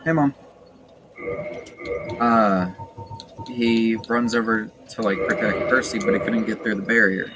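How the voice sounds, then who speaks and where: Slow, rambling man streaming a game. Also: fairly low pitch, over loud music, poor audio. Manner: rambling, with many "like" and "uh" fillers. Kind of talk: casual gameplay chat, retelling a story. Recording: loud steady background noise.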